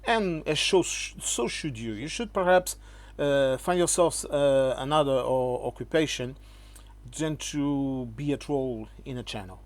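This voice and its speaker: With a mid-range voice, lively intonation and an unhurried pace, a man hosting his channel answers critics straight to camera. He lectures with emphasis, often checking "okay?" and calling the viewer "my friend".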